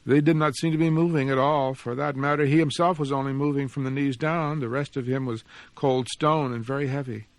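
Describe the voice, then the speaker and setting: A man, the author, reading his own story aloud in an expressive, measured storytelling voice. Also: medium pitch, no room sound. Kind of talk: dramatic reading of fiction and reflective commentary.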